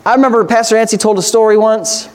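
High-voiced man preaching with fervor. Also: fairly even intonation, fast. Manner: impassioned, repetitive preaching. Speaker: pastor. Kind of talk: sermon.

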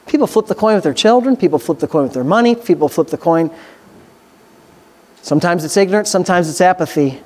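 A man delivers a sermon. He reads scripture slowly and carefully. He then builds into loud, excited exhortation, with his voice climbing. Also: high voice. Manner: swings from slow scripture reading to loud excited preaching. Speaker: preacher.

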